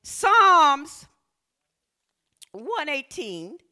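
A woman preacher delivering a sermon with call-and-response, slipping into sing-song scripture reading and building to shouts. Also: sits high, very animated, drawn-out words.

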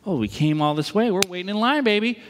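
A pastor from the East Coast preaching a sermon, telling a story with jokes and acted-out quotes, then praying. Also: male voice, sits high, fast, long reverb tail, background noise. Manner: animated, acts out quotes, jokey then earnest. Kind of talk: sermon with storytelling and closing prayer.

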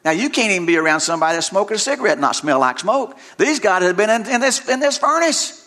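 A man's voice: high-pitched, very animated, quick pace, pushed and bright. A male preacher delivering a sermon, retelling scripture stories dramatically and often repeating words as he restarts his sentences.

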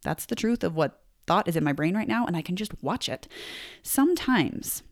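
A woman's voice: fairly low pitch, animated, moderate pace. Reflective woman giving self-help talk. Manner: conversational, reflective, with acted-out inner dialogue.

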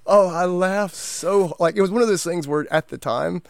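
A man's voice: high-pitched, moderate pace, gravelly, no echo, clean studio sound. A man in his forties, co-hosting a podcast, telling a family story with lots of laughter. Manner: animated storyteller, laughs often. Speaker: podcast co-host. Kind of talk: casual chat.

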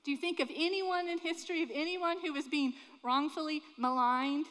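A woman's voice: sits high, fairly even intonation, normal speed, fairly bright tone. A woman from Florida preaching a sermon in an earnest, conversational way, full of rhetorical questions. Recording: long reverb of a large hall.

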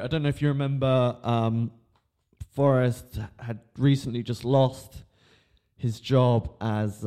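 A man's voice: mid-range voice, warm tone, smooth. A man hosting a podcast in casual chat, rambling with lots of ums, laughing and swearing as he goes. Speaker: podcast host.

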